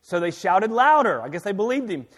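A man preaching a sermon as pastor, swinging from quiet talk to loud, emphatic reading, often restarting and repeating his words. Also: high voice, very animated, a little fast. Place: church sanctuary. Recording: long hall reverb.

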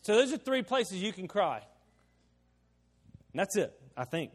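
A man preaching a sermon as pastor, animated and joking, swinging between loud emphasis and quiet asides. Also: high-pitched, measured pace. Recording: long reverb of a large hall.

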